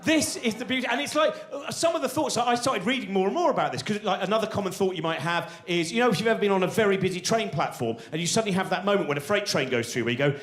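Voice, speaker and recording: A man performing live stand-up comedy on a theatre stage, rambling excitably and acting out the voices in his head, with an audience laughing. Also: high voice, quick pace, few pauses. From England. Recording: roomy live theatre sound.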